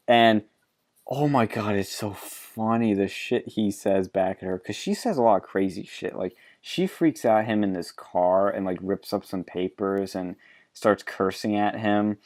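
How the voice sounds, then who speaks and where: Brief: low-voiced man hosting a podcast, blunt, swears freely. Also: a little slow, a little mellow. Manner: blunt, profane, laughs often. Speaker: podcast host. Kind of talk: casual political chat.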